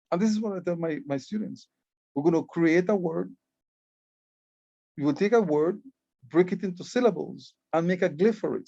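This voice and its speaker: A man's voice: fairly high pitch, warm tone, no room sound, lo-fi sound. A man with a Belizean accent giving a presentation on Maya hieroglyphs, earnest and explanatory, often repeating words as he works through a point. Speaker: Maya writing club educator and guide.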